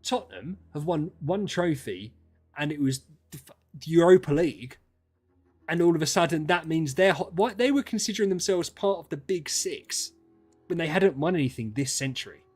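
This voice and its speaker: Young streamer, slightly higher voice, heated rants, swears a lot. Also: male voice, moderate pace, husky, soft background music. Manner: ranting, animated, swears freely. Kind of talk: casual livestream chat.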